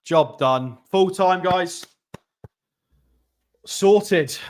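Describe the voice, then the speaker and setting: Man, football channel host, live watchalong commentary, excitable, chatty, thanks viewers. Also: sits high, very slow. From North East England.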